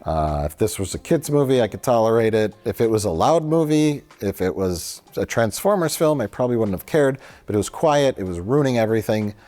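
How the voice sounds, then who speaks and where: A man's voice: lowish voice, animated, fairly quick, hardly any pauses, warm tone. A man co-hosting a film review show, telling a long annoyed story in casual chat, acting out quotes and swearing freely.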